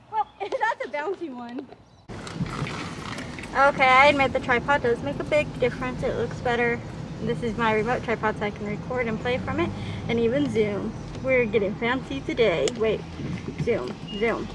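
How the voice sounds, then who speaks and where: A woman's voice: sits high, lively intonation, moderate pace, fairly bright tone, a little hiss or hum. A woman casually vlogging to a handheld camera outdoors, chatty and rambling, laughing often. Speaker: service dog handler vlogger. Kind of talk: casual vlog talking to camera. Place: outdoors at a park, later indoors at a mall. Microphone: handheld camera with wind muff.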